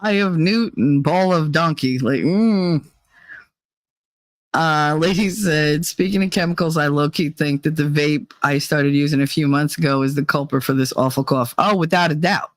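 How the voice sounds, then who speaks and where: A woman hosting a casual live chat, reading viewer comments aloud and laughing often as she tells animated stories. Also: sits low, normal speed, no room sound. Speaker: host.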